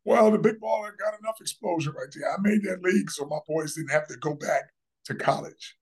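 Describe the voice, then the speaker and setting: A man's voice: high-pitched, fairly quick, husky. A man in his fifties talking as a guest in a casual interview, brash and boastful, with emphatic delivery. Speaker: podcast guest.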